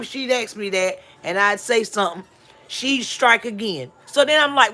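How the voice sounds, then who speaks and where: Lady on a live stream spinning a story, bright tense voice, keeps restarting and acting out who said what. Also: on the high side, normal speed. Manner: animated storyteller who acts out dialogue; rambling, frequent restarts and asides. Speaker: livestream host.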